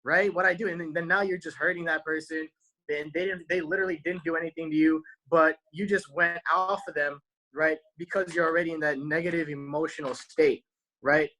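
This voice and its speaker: A man's voice: fairly high pitch, fairly even intonation, a little fast, pushed and bright, poor audio. A man giving a casual motivational talk to his viewers, using slang and tagging "right?" onto almost every point. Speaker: motivational speaker.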